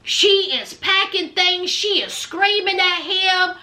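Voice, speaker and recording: Woman vlogger, sassy gossip recap, high bright voice, unhurried. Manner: sassy, dramatic, calls viewers honey and y'all.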